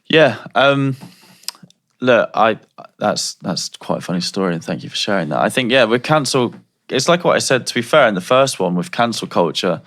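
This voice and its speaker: A man's voice: fairly low pitch, lively intonation, moderate pace, fairly bright tone. A man co-hosting a podcast, chatting thoughtfully and asking questions. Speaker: podcast co-host. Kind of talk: casual podcast chat.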